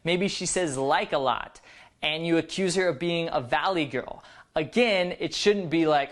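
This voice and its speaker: A man's voice: fairly high pitch, a little slow. A man presenting a dating advice video, explaining steadily and acting out sample lines in playful voices. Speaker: dating coach.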